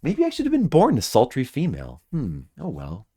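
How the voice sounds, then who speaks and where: A man's voice: medium pitch, wildly swooping pitch, a little fast, dark tone, husky. A man streaming a video game, chatting casually and making goofy jokes to his viewers. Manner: goofy, jokey, laughs often. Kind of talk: casual joking commentary over gameplay.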